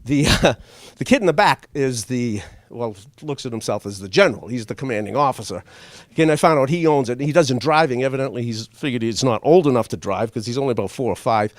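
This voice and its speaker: A man's voice: mid-range voice, quick pace, no echo. An older man telling a comic story to a live audience, chuckling as he goes. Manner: animated, chuckles through his own story.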